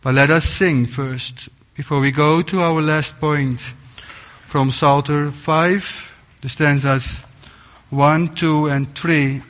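A man preaching a sermon in earnest, halting English, often restarting and repeating words. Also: on the high side, fairly even intonation, a bit bright. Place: church. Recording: long church reverb, dull lo-fi sound.

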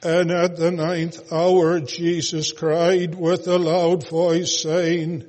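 A man reading scripture aloud in a solemn, slow, almost chanted way, with occasional hesitant pauses. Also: on the high side, level tone, a little mellow. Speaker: scripture reader. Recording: long hall reverb.

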